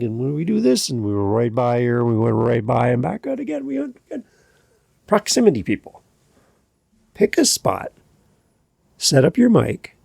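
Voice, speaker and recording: Lively, gravelly man ranting about mic habits. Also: on the high side, no room sound, studio quality. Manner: energetic, exasperated, lively teaching. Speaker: podcast host. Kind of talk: podcast advice monologue. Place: home basement. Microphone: studio mic, a bit back from it.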